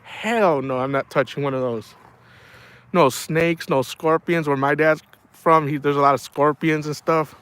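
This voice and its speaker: A man's voice: a little high, fairly even intonation, a little slow, fairly bright tone, smooth. A middle-aged man chatting casually on a livestream, telling rambling stories and saying "man" a lot. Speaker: livestream host.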